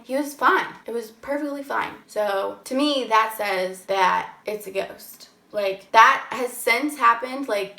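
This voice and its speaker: Bright-voiced young woman telling a story. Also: on the high side. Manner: chatty, fills every phrase with "like", swears casually. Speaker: vlogger telling ghost stories. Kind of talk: casual storytime chat. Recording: echoey room.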